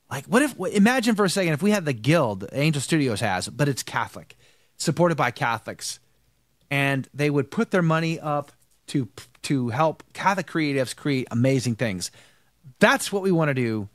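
A man hosting a live-streamed talk show, talking in an animated, rambling way and often repeating words. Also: a little high, dry recording, clean studio sound. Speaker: show host. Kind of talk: live-stream commentary and chat.

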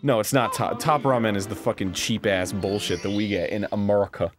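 A man co-hosting a casual video game playthrough, swearing and breaking into loud frustrated outbursts. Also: fairly low pitch, steady tone, brisk, over music. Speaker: co-host playing a video game. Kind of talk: casual let's-play chat.

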